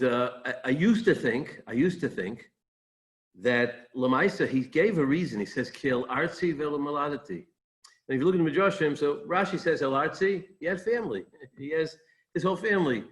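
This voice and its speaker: A man's voice: fairly high pitch, low-quality recording. A man giving an informal Torah talk as a rabbi, conversational and digressive, thinking aloud as he goes.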